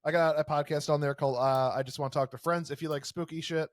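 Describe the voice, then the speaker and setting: A man's voice: a little high, fairly even intonation, fast talker, no echo. Laid-back wry male podcast guest. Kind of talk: casual podcast chat.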